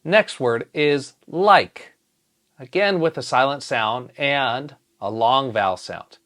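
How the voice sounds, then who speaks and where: A teacher giving a phonics lesson, sounding out each letter slowly and patiently. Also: mid-range voice, a bit bright.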